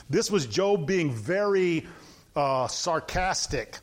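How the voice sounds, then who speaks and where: A man with a high voice preaches in a relaxed, talky way. He moves between reading scripture and plain-spoken commentary. He hammers his points home by repeating them. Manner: emphatic, repeats points, quick asides to the congregation. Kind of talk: conversational sermon with scripture reading.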